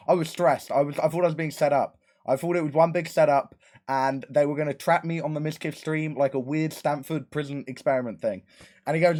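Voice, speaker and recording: A man, a live streamer telling a casual story to his chat, rambling fast and acting out quoted lines with plenty of swearing. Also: fairly high pitch, a little mellow.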